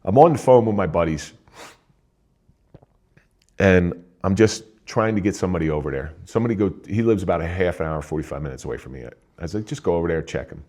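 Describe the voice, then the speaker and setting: A man's voice: low-pitched, lively intonation, fast, a little mellow. An older man from New Jersey, a retired police officer, telling a somber personal story in a plain-spoken way.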